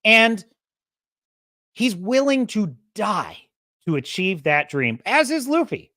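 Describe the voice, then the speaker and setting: A woman hosts a podcast with a casual, sarcastic rant, laughing often and mimicking characters. Her mid-range voice moves at a slow pace, animated and swinging between loud and soft. The recording is dry and studio quality.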